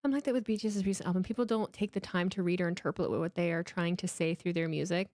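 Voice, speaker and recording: A woman in her thirties hosting a live watchalong stream, chatting casually from home in an animated, emotional way, swearing freely and restarting her sentences. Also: lowish voice, fast talker, no echo, clean studio sound. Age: 30s.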